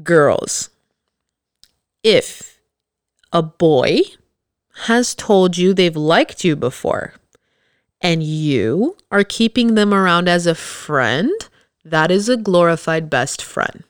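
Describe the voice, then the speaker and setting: A woman's voice: on the low side, animated, slow pace, long pauses, no echo, clean studio sound. A woman hosting a podcast, giving candid, blunt advice to her listeners in an emphatic, confiding way. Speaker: podcast host.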